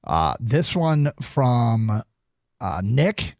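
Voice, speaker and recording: Animated sports radio host, man. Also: high-pitched, normal speed, no echo, clean studio sound. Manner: animated, rhetorical questions, gets worked up. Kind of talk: sports talk radio banter. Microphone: studio broadcast mic.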